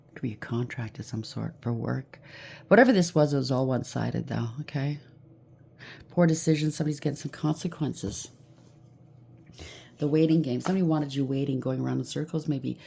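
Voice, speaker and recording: A woman's voice: very deep voice, creaky, mellow, slight background noise. A woman at home doing a collective tarot reading, reassuring her viewers with frequent fillers and a repeated "okay?". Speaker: tarot reader. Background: washing machine running.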